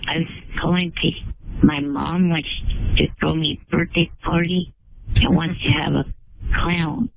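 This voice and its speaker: Little boy caller, a grown man doing it, halting, fry-heavy, faint hiss. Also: fairly high pitch, steady tone, low-quality recording. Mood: earnest. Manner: slow, halting phone delivery. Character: little boy calling about a birthday clown. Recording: voicemail recording with faint hiss.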